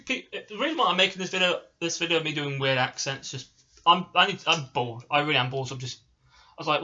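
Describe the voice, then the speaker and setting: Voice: medium pitch, lively intonation, fast talker, bright, forceful tone, muffled recording. A hyperactive, caffeine-wired vlogger rambling casually and restarting sentences. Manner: hyperactive and giggly, restarts often.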